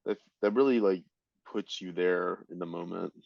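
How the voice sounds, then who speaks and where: A man co-hosting a history podcast, easygoing and thinking out loud as he reacts to the story. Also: low voice, normal speed, gravelly, no room sound, lo-fi sound. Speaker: podcast co-host. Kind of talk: casual history chat.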